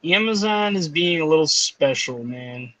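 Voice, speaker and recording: A man's voice: a little high, lively intonation, a little slow, a bit bright, no room sound, rough recording. A young man calling in from a campsite, chatting easily, swearing casually and laughing at his own jokes. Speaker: guest on a call. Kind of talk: casual chat. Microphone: online call.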